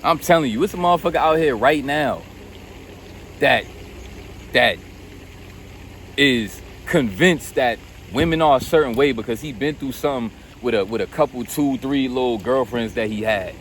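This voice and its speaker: A man's voice: medium pitch, animated, normal speed, fairly bright tone, a little hiss or hum. A man giving an unscripted motivational rant straight to camera, blunt and profane, calling the listener bro and repeating himself. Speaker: self-help video host.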